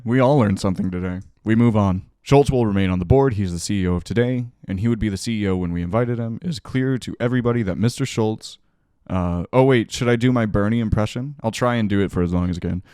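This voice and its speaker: Sarcastic low-voiced male streamer. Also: mellow, no room sound, studio quality. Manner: sarcastic, profane, reading articles aloud with asides. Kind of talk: casual reaction commentary.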